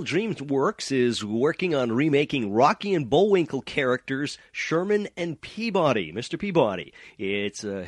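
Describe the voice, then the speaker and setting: A man's voice: mid-range voice, dry recording. Stuffy-nosed man hosting a show. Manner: chatty, many uhs and trailing off. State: stuffed up with a cold. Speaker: host.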